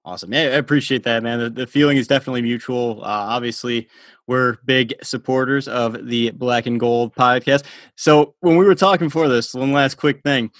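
A man hosting a podcast, chatting casually with a guest, upbeat and quick to laugh. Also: medium pitch, fairly even intonation, a bit bright, no room sound. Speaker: podcast host. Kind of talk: casual interview chat.

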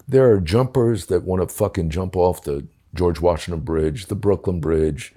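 Older new guy telling a cop story, low warm voice, swears a lot, plays out both sides of the talk. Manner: blunt, profane, conversational with reenacted dialogue. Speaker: former police commissioner. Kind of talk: casual storytelling.

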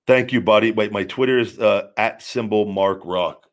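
A man's voice: on the low side, normal speed. A man hosting a live stream, talking casually in a rambling, blunt way and swearing freely. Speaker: show host.

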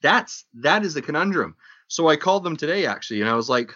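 Bright-voiced playful male podcast co-host. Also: a little high, sing-song, fast talker. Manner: playful storyteller, reads sponsor plugs. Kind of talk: casual podcast chat. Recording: dull lo-fi podcast audio.

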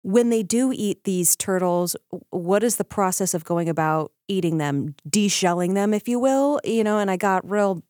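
A woman co-hosting a podcast in casual chat, animated, jumping in and swearing freely. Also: medium pitch, normal speed, few pauses, dry recording, studio quality. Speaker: podcast co-host.

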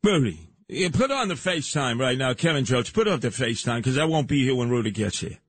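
A man hosting a radio talk show, ranting loudly and in mock confrontation, repeating his questions. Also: mid-range voice, very animated, brisk, hardly any pauses, husky, no room sound. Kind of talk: on-air radio rant. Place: radio studio.

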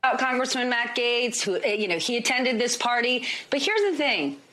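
A woman's voice: on the high side, normal speed, sharp tone. A woman news anchor asking pointed interview questions.

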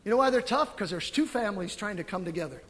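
High-voiced emphatic preaching pastor. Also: male voice, fast talker, big-room sound, a little hiss or hum. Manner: animated, emphatic preaching with sudden loud swells. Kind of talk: sermon. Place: church sanctuary.

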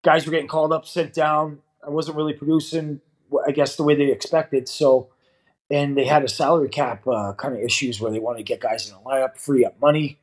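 A man in his forties tells stories from his hockey career, slipping into quoted dialogue. He speaks casually, with lots of "you know", and his voice sits a little high. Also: steady tone, a little fast, low-quality recording. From Canada. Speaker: former pro hockey player, guest. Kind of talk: casual storytelling interview.

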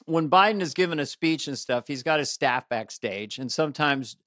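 A man's voice: a little high, expressive, normal speed, fairly bright tone, dry recording, clean studio sound. A man hosting a comedy podcast, chatting casually and slipping into silly impressions. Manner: playful, breaks into silly put-on voices.

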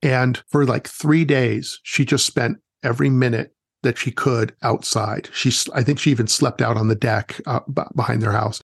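Gravelly-voiced man telling camp stories. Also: mid-range voice, moderate pace, few pauses, dry recording. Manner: relaxed, chatty, quotes people in lively little voices. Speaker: wilderness educator, guest. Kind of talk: casual interview storytelling.

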